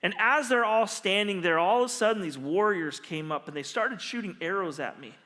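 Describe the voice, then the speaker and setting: A man preaching as a pastor, telling stories in an animated, humorous way. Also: sits high, brisk. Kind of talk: storytelling sermon. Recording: long reverb of a large hall.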